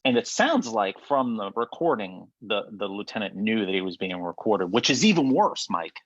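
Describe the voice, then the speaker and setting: A podcast host with a lowish voice talks in a blunt, casual way and swears freely. The sound is dry, with no room echo, and a little muffled. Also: male voice, very animated, moderate pace.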